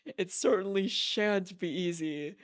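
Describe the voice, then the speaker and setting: Flowery male letter-writer, read aloud by a man, high-ish smooth voice, stilted and formal. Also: takes it slowly. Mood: mock-formal. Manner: reads a stilted, old-fashioned letter aloud.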